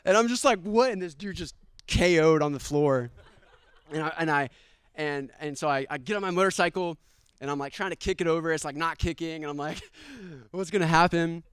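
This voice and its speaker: A young man tells a personal story at a live storytelling night, animated and quick to laugh, punching up the quotes he acts out. His voice sits a bit high and comes across very clean. The sound is dry and close. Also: clear, resonant tone, no echo.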